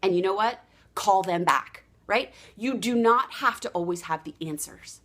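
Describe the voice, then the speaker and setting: A woman giving a motivational sales training talk, acting out quoted dialogue with lively energy. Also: mid-range voice, moderate pace. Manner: animated, acts out quoted dialogue. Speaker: sales coach.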